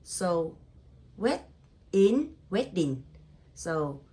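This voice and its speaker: In a spelling lesson, a woman with a lowish, dark-toned voice speaks very slowly yet very animatedly. She patiently sounds out letters and syllables one at a time, repeats each word, and uses simple non-native grammar.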